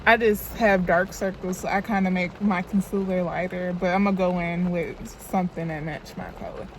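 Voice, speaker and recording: A woman's voice: on the low side, fairly even intonation, normal speed, a little hiss or hum. A young woman, telling a storytime in a loose, chatty, profane way into a phone camera while doing her makeup. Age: young adult. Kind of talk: casual storytime vlog.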